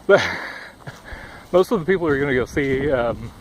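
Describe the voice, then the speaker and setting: With an expressive, mid-range voice at normal speed, a young man rambles through an outdoor vlog, winded and peppered with curses and filler words. The casual monologue is recorded on a headphone cord mic beside a busy road, where passing cars add faint traffic noise.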